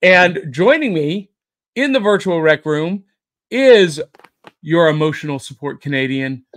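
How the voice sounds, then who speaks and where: A man's voice: fairly high pitch, expressive, measured pace, fairly bright tone. A man hosting a pop culture podcast, with jokey, upbeat showman patter. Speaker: podcast host. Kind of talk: casual podcast chat.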